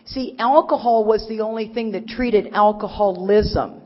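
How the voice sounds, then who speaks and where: A middle-aged woman from Texas giving an animated, folksy recovery talk to a crowd, teasing her listeners. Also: medium pitch, a little slow. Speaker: recovery speaker. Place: large conference hall. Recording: dull recording with long hall reverb.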